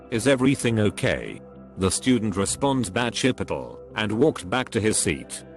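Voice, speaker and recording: A man narrating a string of short reader stories in an even, scripted reading. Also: lowish voice. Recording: faint music behind the voice. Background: faint background music.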